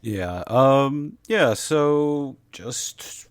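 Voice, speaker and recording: A man's voice: mid-range voice, lively intonation, extremely slow, clean tone, no room sound. A man from Florida co-hosting a podcast, chatting casually in a rambling, hesitant way with many fillers. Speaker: podcast co-host. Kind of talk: casual chat.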